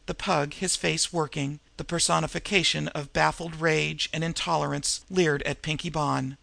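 A man narrating a crime novel as an audiobook, in a steady, measured reading. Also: on the high side, vocal fry, no room sound.

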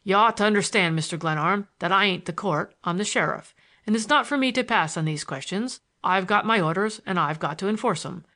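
A woman's voice: medium pitch, fairly quick, pushed and bright, natural voice. A woman reading aloud plays a folksy, dutiful country sheriff. He talks plainly and firmly, with a rustic turn of phrase, in a storybook voice. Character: plain-spoken rural sheriff, middle-aged man.

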